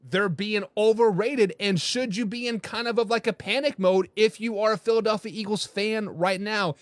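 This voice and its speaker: An animated man hosts a casual sports talk show. His voice sits high and lively, and it sounds close and dry with no room around it. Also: dry recording. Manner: animated, reads viewer comments aloud. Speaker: host.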